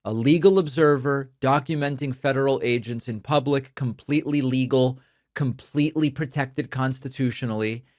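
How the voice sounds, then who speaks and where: Man, native Spanish speaker, political commentary host, emphatic, measured, dry studio mic. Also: medium pitch, darkish tone, no echo. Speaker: show host. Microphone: studio dynamic microphone.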